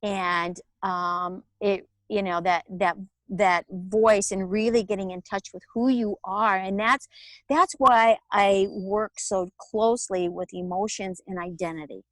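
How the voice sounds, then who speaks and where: A woman, telling her personal story as an interview guest in a candid, animated way. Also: medium pitch, measured pace, no echo. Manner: candid, animated storytelling with laughs and acted-out quotes. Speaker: guest, author and alternative healer.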